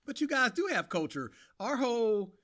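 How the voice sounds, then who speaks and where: A man's voice: very high-pitched, big pitch swings, moderate pace, a bit bright. A man with a Chicago accent hosting a podcast, chatting casually in a laid-back, laughing, self-mocking way. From Chicago, USA. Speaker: podcast host.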